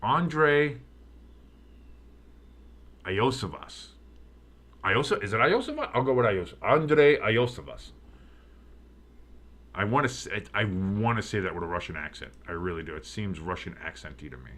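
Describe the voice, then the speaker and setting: A man's voice: fairly low pitch, normal speed. A man giving casual, joking play-by-play commentary of a live game as a streamer, rising with the big plays and chatting to his viewers. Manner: excitable, joking, talks to chat.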